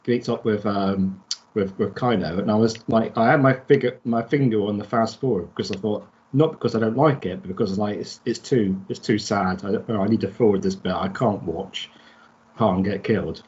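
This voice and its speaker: A man's voice: lowish voice, a little mellow. Guy chatting on a podcast, lots of restarts, kinda muffled lo-fi sound. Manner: rambling, halting restarts. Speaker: podcast co-host. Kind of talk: casual chat. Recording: dull lo-fi sound.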